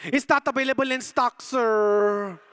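A man's voice: extremely high pitch, steady tone, measured pace, a bit bright, clear, resonant tone. A man putting on a Filipino English accent to play an overly polite service worker who keeps saying sir, in sing-song broken English. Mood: apologetic. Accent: Filipino English (imitated).

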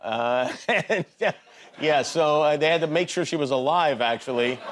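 A man's voice: on the high side, moderate pace, a bit bright, a little hiss or hum. A man hosting a late-night talk show, interviewing a guest with dry, teasing jokes. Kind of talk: comic interview. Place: TV studio.

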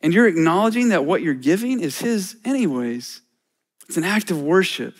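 A man's voice: high voice, very animated, moderate pace. A middle-aged man, a church elder, preaching a sermon in a conversational way with self-deprecating humor.

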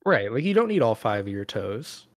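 A man chatting casually as a guest, with deadpan, drawling jokes. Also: on the low side, normal speed, no echo. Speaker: guest streamer. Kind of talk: casual chat.

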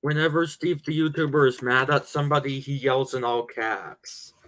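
A man's voice: medium pitch, fairly even intonation, moderate pace, a bit bright. A man hosting a casual stream chat, replying tersely and agreeing a lot. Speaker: stream host.

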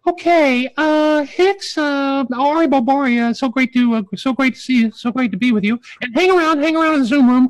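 A man's voice: very high voice, dry recording, low-quality recording. A man hosting a comic talk show, chatty and self-mocking, often stumbling over his words. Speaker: host.

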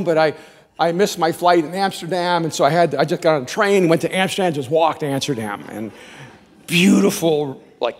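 A male pastor preaching a sermon, telling stories in a rambling, animated way with many restarts. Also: sits high, long reverb tail.

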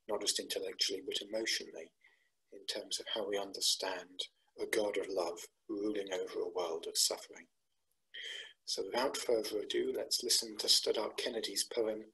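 A man presenting a church poetry slot, introducing a poem in a measured, thoughtful and earnest way. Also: lowish voice, pushed and bright, slightly rough, poor audio. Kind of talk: reflective talk introducing a poem.

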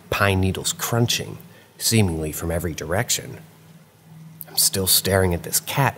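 Man, very low voice, scripted narration, measured and dramatic, faint background hiss. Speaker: narrator of paranormal stories.

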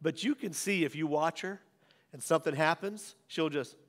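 High-voiced preacher in a reverberant hall. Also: male voice, normal speed. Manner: swings from raised preaching to hushed near-whispers. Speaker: pastor. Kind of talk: sermon. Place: church sanctuary.

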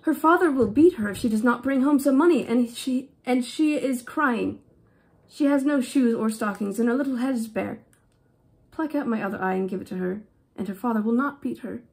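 A woman voicing a sorrowful, kind statue prince in a storybook reading, earnest and gently commanding, with an affected English-style accent. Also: a little high, moderate pace, vocal fry. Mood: pleading.

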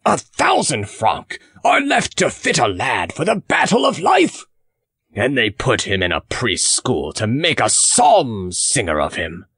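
A male audiobook reader voicing a blustering, hearty farmer who lectures with loud emphasis. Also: mid-range voice, wildly swooping pitch, unhurried, creaky, slightly rough, no echo, clean studio sound, heavily acted. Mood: emphatic.

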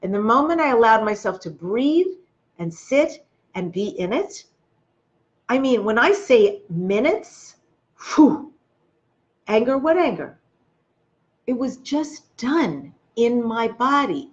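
A woman's voice: a little high, big pitch swings, takes it slowly, long pauses, lo-fi sound. A woman hosting a spiritual self-help video, talking earnestly to her viewers and coaching them through their feelings. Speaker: host. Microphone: webcam or phone video.

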